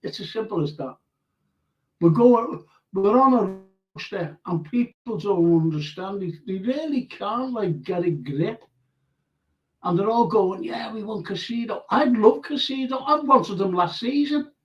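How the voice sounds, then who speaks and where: A man's voice: high-pitched, lively intonation, measured pace, dull audio. An older man hosting a live fan phone-in style show, chatting casually and reading viewer messages aloud with open emotion. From England. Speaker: host.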